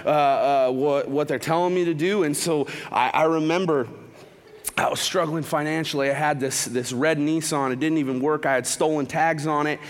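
A man giving a casual, animated testimony at a church, full of slang asides and quick restarts. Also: a little high. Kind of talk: sermon testimony storytelling. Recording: long reverb of a large hall.

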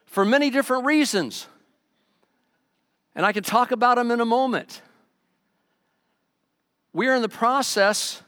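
High-voiced man preaching with urgency. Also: dry recording, clean studio sound. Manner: emphatic preaching, swinging between loud urgent lines and quiet asides. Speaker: pastor. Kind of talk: sermon.

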